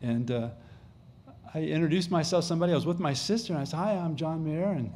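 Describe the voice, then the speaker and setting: A man's voice: on the high side, fast talker, darkish tone, a little hiss or hum. A middle-aged man, a pastor, preaching a sermon in a conversational way, repeating phrases for emphasis and restarting sentences.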